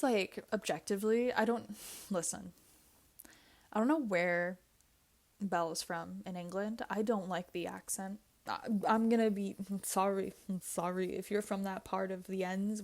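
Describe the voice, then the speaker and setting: A woman vlogger with a medium-pitched voice gives a blunt, opinionated recap of a reality TV show. She repeats herself and swears, using casual slang.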